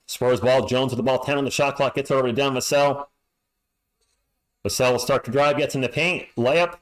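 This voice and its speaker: Speaking brisk and mid-pitched, a man calls fan play-by-play on a live stream, getting excitable and yelling on big plays. His home streaming mic clips.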